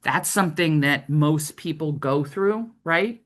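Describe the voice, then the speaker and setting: A woman's voice: low-pitched, unhurried. A middle-aged woman trainer giving a conversational training lecture, often checking in with "right?".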